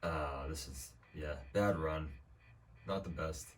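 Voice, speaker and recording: A man's voice: rumbling low, slow pace. A young man streaming a video game, talking in a loose, rambling way with dry jokes and plenty of swearing. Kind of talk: casual gameplay commentary. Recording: distant mic with faint background noise.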